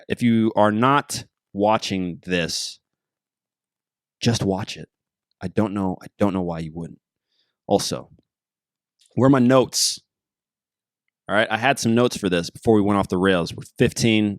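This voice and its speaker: A man with a very low voice hosts a casual podcast, recorded close and dry. He jokes around, gets excited and keeps wandering off track. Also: dry recording. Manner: excitable, jokey, easily sidetracked. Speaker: podcast host. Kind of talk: casual rambling podcast monologue.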